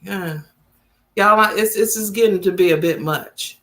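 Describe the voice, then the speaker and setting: A woman's voice: medium pitch, moderate pace, a bit bright. A woman, chatting casually with viewers as host of her livestream. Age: 50s. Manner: chatty, talks straight to viewers.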